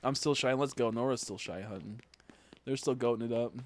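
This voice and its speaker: A man's voice: mid-range voice, brisk. Crude joking young streamer guy. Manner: crude, joking, rambling with profanity. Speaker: game streamer. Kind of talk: casual stream chat.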